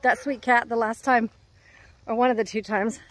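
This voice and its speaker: In a dry recording, a woman with a higher voice speaks at a moderate pace with little pitch movement. She chats casually to her handheld phone camera as a vlogger while walking a neighborhood road, a little out of breath.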